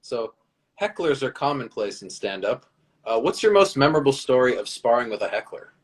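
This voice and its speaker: A man's voice: mid-range voice, expressive, a little fast, slightly rough. A man hosting a livestream interview, asking teasing questions and laughing often. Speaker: livestream host. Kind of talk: casual interview.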